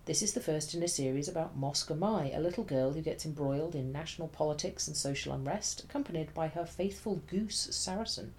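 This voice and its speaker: A woman's voice: low-pitched, fairly quick, few pauses, darkish tone, a little hiss or hum. A woman reading a scripted book review in a dry, wry, chatty manner.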